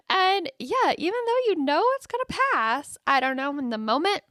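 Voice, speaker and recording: A candid woman hosts a solo podcast in a loose, chatty way, full of fillers and self-deprecating asides. Her voice sits a little high, and the recording is close and dry, with almost no room sound. When she quotes her own thoughts she swings into big dramatic tones. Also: big pitch swings, moderate pace, hardly any pauses, a bit bright, no echo. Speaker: podcast host. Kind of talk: casual solo podcast monologue.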